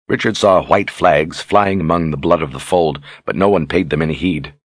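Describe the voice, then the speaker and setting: Deep husky guy reading a fantasy audiobook, steady, dry close mic. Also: moderate pace, hardly any pauses, dry recording. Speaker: audiobook narrator. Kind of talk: scripted narration.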